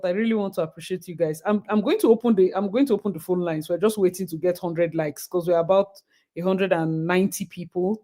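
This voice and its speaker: Chatty woman hosting a live stream. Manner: chatty, thanks viewers with bursts of high excitement. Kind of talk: casual live stream commentary.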